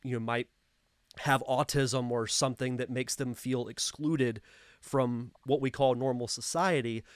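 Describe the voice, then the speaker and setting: A man's voice: medium pitch, fairly even intonation, measured pace, dry recording. A man in his thirties hosts a podcast interview. His voice sits in the middle range, and he talks in an eager, chatty way. The recording is close and dry. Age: 30s. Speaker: podcast host. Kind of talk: casual interview chat.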